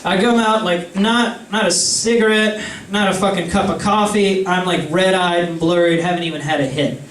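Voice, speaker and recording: A man's voice: sits high, fairly even intonation, moderate pace, a bit bright, slight background noise. A young man swearing freely as he tells friends a rambling anecdote in a casual chat. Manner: profane, rambling storytelling. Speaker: storyteller among friends. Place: indoor room with friends. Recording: roomy, distant mic, faint ambience.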